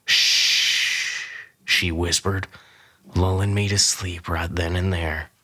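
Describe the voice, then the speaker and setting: A man's voice: low voice, level tone, measured pace, pushed and bright, exaggerated voice. A man playing a grizzled old cowboy who tells a comic tall tale in a folksy, boastful, rambling way. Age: older. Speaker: storyteller.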